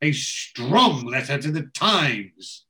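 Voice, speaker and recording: A man's voice: fairly high pitch, big pitch swings, slow, sharp tone, pitched above the performer's own voice, exaggerated voice. A man voicing a pompous, timid middle-aged husband in a retelling.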